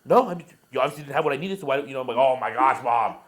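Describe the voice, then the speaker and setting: A young man co-hosting a podcast, telling stories in fast, profane casual chat. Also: a little high, a crowd in the background. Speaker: podcast co-host.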